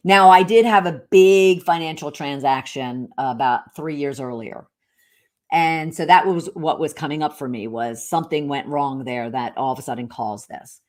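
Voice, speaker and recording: A woman with a notably low-pitched voice tells a personal story as a podcast host. She talks candidly and rambles, full of fillers and restarts. She sounds middle-aged. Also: normal speed.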